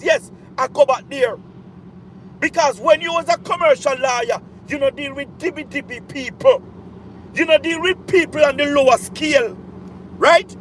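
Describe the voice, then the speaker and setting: A Jamaican man on a livestream, his voice pitched very high for a man as he hammers home each point. He talks slowly and deliberately, repeating himself and asking his listeners if they follow him, with faint traffic noise behind. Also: rough recording. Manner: emphatic and repetitive, with rhetorical check-ins. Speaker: political commentator. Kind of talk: livestream commentary.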